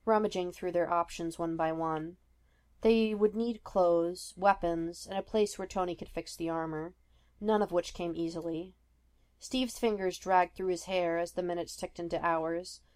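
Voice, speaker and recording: A woman reading a story aloud in an even, measured narration. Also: lowish voice. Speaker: podfic reader.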